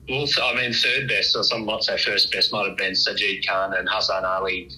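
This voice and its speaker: A man, a cricket reporter on a podcast, chatting in a relaxed, rambling way with many fillers and restarts. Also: lowish voice, moderate pace, rough recording. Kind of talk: casual podcast chat. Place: at the ground, with faint ambience behind.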